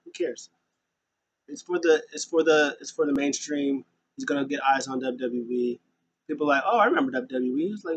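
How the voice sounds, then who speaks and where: A man's voice: mid-range voice, a bit bright, husky, low-quality recording. Rambling man recapping wrestling. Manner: rambling, filler-heavy retelling with quick voiced asides. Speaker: wrestling show recap host. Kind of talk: casual recap of a wrestling show.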